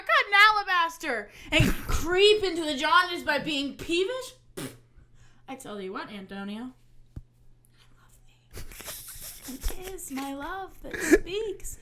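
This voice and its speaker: A woman performing a boisterous young male Shakespearean character, declaiming loudly and playfully as a stage actor. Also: extremely high pitch, slight background noise, heavily acted. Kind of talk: theatrical Shakespeare monologue.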